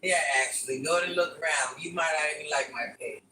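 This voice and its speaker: An older woman runs a casual live stream, chatting with viewers and repeating her requests to like and subscribe. Her voice is low-pitched, bright and forceful, and she talks fairly quickly. The audio has a slight hiss or hum, and she sounds far away in an echoey room.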